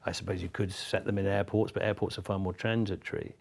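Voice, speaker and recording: A man from Britain tells warm, witty anecdotes in an interview. His voice sits fairly low. He restarts phrases often as he talks. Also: little pitch movement, quick pace, gravelly. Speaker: actor, interview guest.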